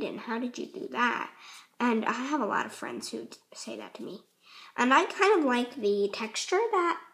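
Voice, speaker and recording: A woman hosting a casual craft tutorial, chatty and rambling, often apologizing as she explains. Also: fairly high pitch. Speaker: art tutorial host.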